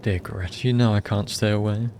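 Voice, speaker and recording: A man's voice: fairly low pitch, fairly even intonation, normal speed, background noise, close to an everyday voice. A man voicing a courteous young male craftsman with a northern English accent. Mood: polite.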